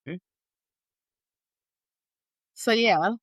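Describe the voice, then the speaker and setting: Woman on a podcast telling a wild story, chatty, keeps saying like, mid pitch, no room sound at all. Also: drawn-out words, dry recording, clean studio sound. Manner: animated storytelling, acts out quotes in a high voice; heavy use of "like" and "or whatever". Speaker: podcast co-host. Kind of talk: casual storytelling chat.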